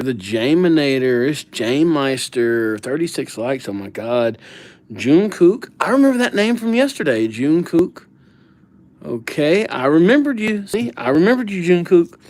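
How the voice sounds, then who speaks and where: Man, livestream host, casual chat, playful, slangy banter, medium pitch. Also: a little mellow. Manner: playful, riffs on names with silly nicknames; laid-back, slangy banter with viewers. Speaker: livestream host writing viewers' names.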